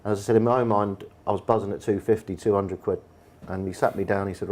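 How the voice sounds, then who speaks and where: A low-pitched Englishman chatting on stage in a bar, spinning anecdotes with lots of ums and you-knows. His voice is mellow and relaxed, the delivery unhurried and conversational. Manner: chatty, anecdotal, with frequent fillers. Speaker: football manager and guest speaker. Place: bar event room with an audience.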